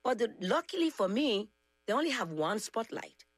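Interview guest: woman, lively anecdote teller, dry close sound. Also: fairly high pitch, moderate pace, no echo. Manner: animated, acts out dialogue in her stories. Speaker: guest, singer. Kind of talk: conversational storytelling.

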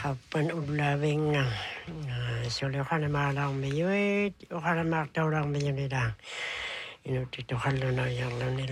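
Playful man host clowning on air. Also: a little high.

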